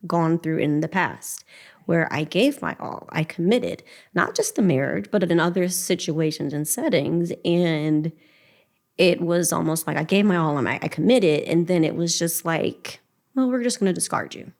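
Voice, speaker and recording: A middle-aged woman shares her story as a podcast guest, earnest and emotional. Her voice sits a little low, and she often slips into quoting her own prayers. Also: moderate pace, vocal fry. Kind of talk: personal testimony in a podcast interview.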